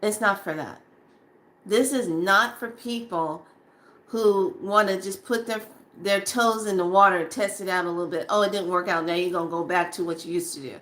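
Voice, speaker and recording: A woman talks straight to her viewers in a casual spiritual monologue, her voice bright and clear at a middle pitch. She is animated, and she slips into acted-out snippets of her own past reactions. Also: normal speed. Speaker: spiritual speaker.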